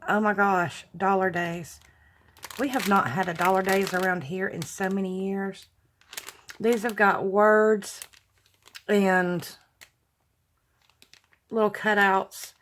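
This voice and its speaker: Gushing woman, slow-talking. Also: medium pitch, level tone, a bit bright, slight background noise. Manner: gushing, exclaiming over each item. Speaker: craft vlogger opening mail. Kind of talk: casual unboxing chat.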